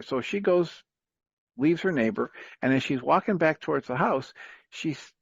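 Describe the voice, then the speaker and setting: A man's voice: fairly high pitch, animated, moderate pace, vocal fry, husky, dry recording. Guy rambling thru a story on talk radio, lots of uhs and you knows, muffled dry audio. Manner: rambling, filler-heavy, chuckles often. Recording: dry, dull lo-fi radio sound.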